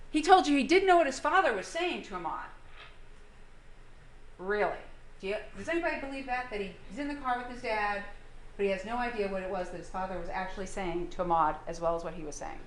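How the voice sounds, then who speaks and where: A woman's voice: mid-range voice, animated, fairly quick, echoey room, slight background noise. A woman prosecutor delivering a courtroom closing argument, firing pointed rhetorical questions at the jury.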